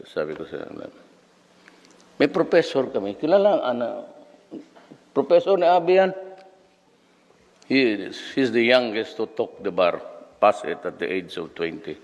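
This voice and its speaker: Older Filipino man, 70s, rambling anecdotal speaker; slow delivery, long hall reverb. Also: mid-range voice, darkish tone. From Philippines. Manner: rambling, switches freely between languages. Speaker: graduation speaker. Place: large ceremony hall. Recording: echoey hall.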